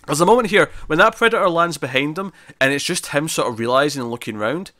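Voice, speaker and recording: A man talks quickly and eagerly in a casual film review chat, his voice bright and forceful. The sound is dry and close, with no room echo. He is a podcast co-host. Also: a little high. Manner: animated, quotes lines in a shouted impression.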